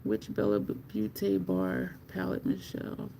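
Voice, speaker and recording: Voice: mid-range voice, a little slow, gravelly. Chatty livestream host talking with viewers. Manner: chatty and animated, addresses viewers as y'all. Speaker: livestream host reviewing makeup. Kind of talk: casual livestream chat, answering viewers.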